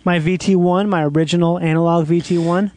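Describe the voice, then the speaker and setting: A man's voice: on the high side, fairly even intonation, a little fast, darkish tone. A man chatting casually and joking, swearing freely. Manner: joking, profane. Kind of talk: casual chat.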